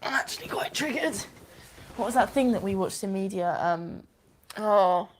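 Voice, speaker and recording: A woman's voice: mid-range voice, moderate pace, slight background noise, natural voice, poor audio. An actress playing a sarcastic, worn-out young woman who looks after her family. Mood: deadpan. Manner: dry, deadpan, sometimes whispering.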